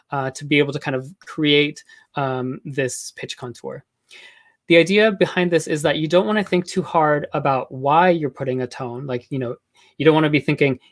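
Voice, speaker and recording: Man giving a casual linguistics lecture. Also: on the high side. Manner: casual explanatory, frequent ums and hedging fillers. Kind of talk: academic online lecture.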